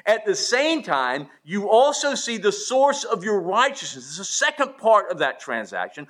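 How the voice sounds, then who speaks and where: Pastor, male, high-pitched voice, emphatic sermon delivery with repetition and homely asides. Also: fairly bright tone. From American South.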